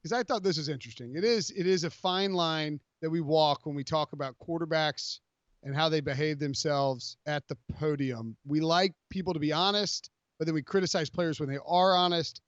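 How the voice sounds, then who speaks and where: A man hosting a podcast, his voice sitting a bit high as he rambles in animated, jokey bursts full of restarts and fillers. The sound is dry and a touch dull, like plain podcast audio. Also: moderate pace, dry recording. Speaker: podcast host. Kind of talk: casual sports podcast chat.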